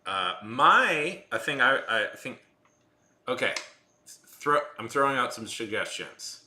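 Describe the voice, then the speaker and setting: A man's voice: medium pitch, sing-song, slow pace, sharp tone, echoey room, slight background noise. A man hosting a casual live chat, rambling with many restarts and fillers. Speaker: livestream host.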